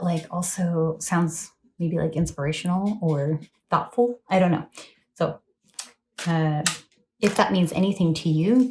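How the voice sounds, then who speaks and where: A woman in her thirties with a fairly low voice talks through a tarot reading to her phone at home late at night. She rambles, apologizes and laughs easily as she goes. A faint hiss sits under the recording. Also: a little mellow. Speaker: tarot reader. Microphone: phone camera.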